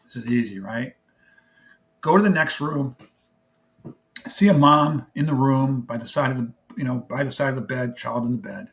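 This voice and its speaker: A man's voice: mid-range voice, moderate pace, pauses often. A middle-aged man, a charity founder, telling an emotional story in an interview and acting out both sides of a phone call.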